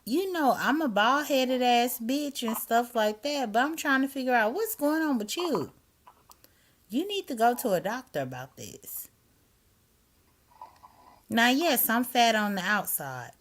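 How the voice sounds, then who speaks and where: A woman vlogging on her phone at night, talking to her viewers in a chatty, incredulous way, sometimes dropping to a hush. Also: fairly high pitch, lively intonation, measured pace. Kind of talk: casual commentary to viewers. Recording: noisy phone recording, snoring behind.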